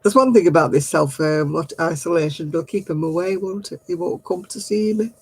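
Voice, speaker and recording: A woman's voice: on the low side, very animated, moderate pace, warm tone, husky, low-quality recording. A woman, chatting casually with viewers on a craft livestream, laughing often and dropping homely exclamations. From northern England.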